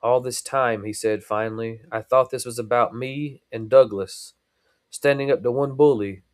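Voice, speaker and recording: A resolute young man training for a fight, earnest and steady as he finds his resolve, in a storybook reading, voiced by a man reading aloud. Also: medium pitch, normal speed, no room sound, studio quality, close to an everyday voice.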